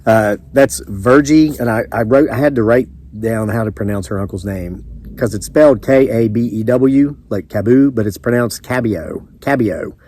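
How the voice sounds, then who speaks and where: A man's voice: lowish voice, normal speed, darkish tone. A man with a Southern US accent, chatting in a rambling, storytelling way as a homesteading vlogger. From American South. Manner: rambling, chatty, frequent restarts and asides. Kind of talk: casual storytelling to camera.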